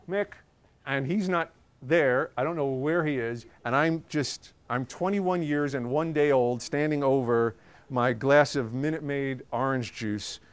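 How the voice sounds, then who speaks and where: A man's voice: mid-range voice, clean tone. A man, a journalist, telling a casual anecdote in a chatty way, with many ums and uhs.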